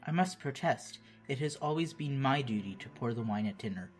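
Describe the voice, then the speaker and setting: A man's voice: medium pitch, animated, a little fast, soft background music, close to an everyday voice. A man voicing a prim, dutiful butler in a video game, formal and protesting.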